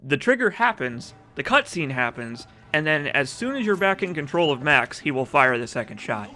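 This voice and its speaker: A man's voice: a little high, big pitch swings, normal speed, bright, forceful tone. A man commenting casually on his own speedrun video, joking, swearing and rambling, reading chat aloud, recorded as a desk-mic voice-over. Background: game music.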